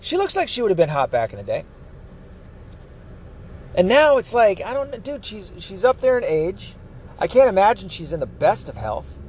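A man's voice: high-pitched, wildly swooping pitch, normal speed, long pauses, darkish tone, slightly rough. A man ranting angrily about politics, swearing constantly. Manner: angry, profane, ranting. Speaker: political commentator. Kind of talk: profane political rant.

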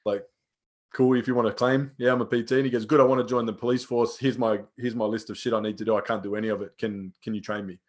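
A man's voice: medium pitch, fairly even intonation, fast, a little mellow. A young man, a personal trainer, telling stories in casual chat, swearing freely and acting out the lines of people he quotes.

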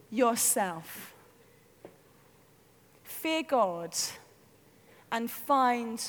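A woman preaching a sermon in an animated, chatty way, peppering her talk with "like". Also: high voice. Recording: long hall reverb.

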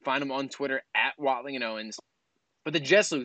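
A man co-hosting a sports talk show, steering the segments with a relaxed, wry delivery. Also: mid-range voice, a little fast, no echo. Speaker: co-host.

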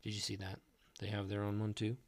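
A man's voice: fairly low pitch, monotone, a little fast, dry recording. A young man co-hosting a podcast, chatting casually, joking and rambling with frequent laughs. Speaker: podcast co-host. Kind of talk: casual chat.

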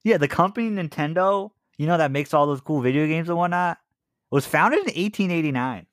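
A man with a very lively, swinging voice shares trivia on a casual podcast. The sound is dry and close, and he teases his friends as he goes. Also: on the high side, fairly quick, no room sound. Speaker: podcast co-host. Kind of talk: casual chat.

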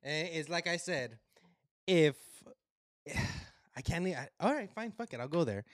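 A young man co-hosting a podcast, telling stories in casual chat and acting out loud impressions of the people he quotes. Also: fairly high pitch, big pitch swings, unhurried, no echo, clean studio sound. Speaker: podcast co-host.

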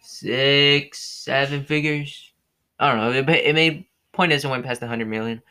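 A man's voice: mid-range voice, a little slow, pushed and bright, clear, resonant tone. Rambling, swearing male movie-review host. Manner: rambling, loses his train of thought and swears. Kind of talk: casual movie review chat.

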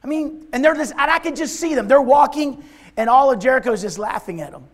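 High-voiced impassioned male preacher. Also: brisk. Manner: impassioned, emphatic preaching with repetition. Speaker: pastor. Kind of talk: sermon.

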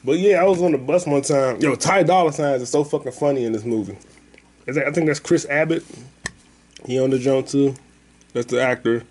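A man's voice: medium pitch, a little fast, a little mellow. Profane rambling male podcast host. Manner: profane, rambling, slangy storytelling. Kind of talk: casual podcast chat.

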